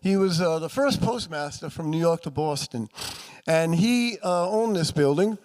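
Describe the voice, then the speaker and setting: A man's voice: a little high, animated, normal speed, a little mellow. A man telling ghost stories to a live audience, chatty and acting out quoted voices. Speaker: paranormal author and speaker. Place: festival room with audience.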